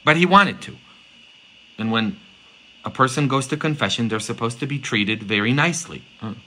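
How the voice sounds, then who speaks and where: A middle-aged man, a priest, preaching a sermon with animated storytelling and frequent rhetorical "huh?" questions. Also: medium pitch, moderate pace, poor audio.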